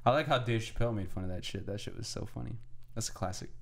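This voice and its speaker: A man's voice: on the low side, fast talker, creaky. A man co-hosting a casual podcast chat, swearing freely. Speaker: podcast co-host.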